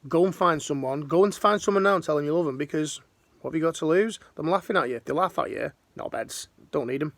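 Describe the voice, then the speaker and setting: Gravelly man, earnest pep talk. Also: on the high side, fast talker. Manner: earnest, slangy, rambling with restarts. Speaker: life coach, ex-military. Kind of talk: emotional motivational talk.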